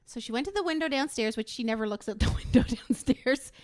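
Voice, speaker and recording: A woman's voice: fairly high pitch, expressive, quick pace, a little mellow. A middle-aged woman hosting a casual live-stream show, telling stories animatedly and acting out the dialogue. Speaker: show host.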